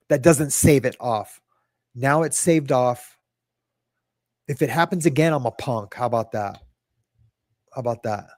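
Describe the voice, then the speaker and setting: On a clean studio recording with no room sound, a middle-aged podcast host rambles through a casual livestream chat. He reads viewer comments out loud and mocks himself along the way, speaking in a mid-range, darkish voice.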